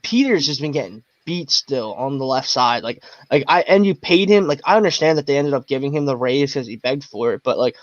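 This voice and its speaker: A man's voice: mid-range voice, no room sound, muffled recording. A man co-hosting a casual sports chat, talking with frustration about his team. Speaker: podcast co-host.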